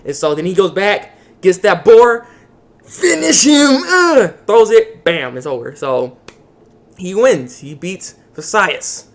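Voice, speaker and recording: A man's voice: high voice, very animated, slow. A young man casually recapping an anime episode for his video channel, rambling with lots of fillers. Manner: rambling, filler-heavy storytelling. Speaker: anime reviewer.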